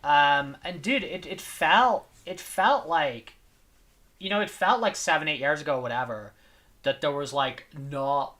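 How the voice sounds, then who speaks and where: A livestreamer chatting loosely with viewers, voice bright and clear-edged. The talk wanders and loops back on itself, full of filler words. The mood stays tired and easygoing. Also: medium pitch, normal speed. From not from Spain, lives in Spain. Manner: rambling, repeats phrases, lots of "dude" and "like". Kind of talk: casual stream chat.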